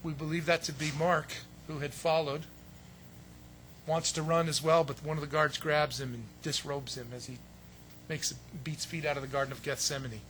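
Guy preaching, lively storyteller, voice sits high, faint hum behind. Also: moderate pace. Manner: animated storytelling, acts out voices of biblical figures. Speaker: pastor. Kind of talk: sermon.

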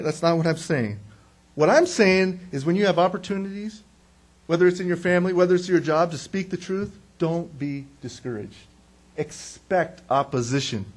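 A pastor with a slightly high voice preaches at a moderate pace in a conversational style. He asks questions and answers them himself, animatedly acting out quotes.

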